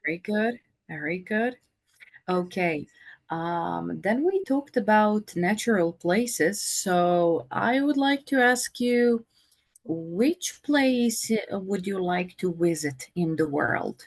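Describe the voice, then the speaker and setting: A woman teaching an English conversation lesson, speaking slowly and patiently with many fillers. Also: medium pitch, expressive.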